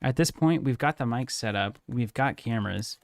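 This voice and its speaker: A man's voice: medium pitch, lively intonation, moderate pace, no echo. A man co-hosting a card game live stream, joking and teasing in casual banter on a studio broadcast mic. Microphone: studio broadcast microphone on a boom.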